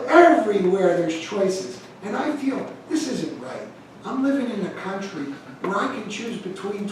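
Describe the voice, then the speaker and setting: His voice sits high as he shares personal stories in a casual church talk on stewardship, becoming more and more animated with each anecdote. The speaker is a middle-aged American man, captured from afar in a large, echoey church hall with background noise.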